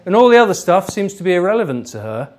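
A man giving an interactive workshop lecture, explaining ideas in a lively way. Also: sits high, quick pace. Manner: lively, explanatory, laughs easily. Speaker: lecturer, trainer.

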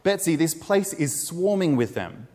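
Brief: dismayed young woman prisoner, pitched up, voiced by a male preacher, echoing hall. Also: big pitch swings, measured pace, warm tone. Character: anxious frightened woman prisoner, pleading. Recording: reverberant hall.

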